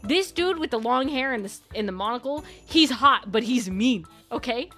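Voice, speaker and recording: Woman streamer, high voice, slow unhurried telling, faint music behind. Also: lively intonation, sharp tone. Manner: retells a dream with many likes and slow dramatic pauses. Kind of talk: casual storytelling on a live stream.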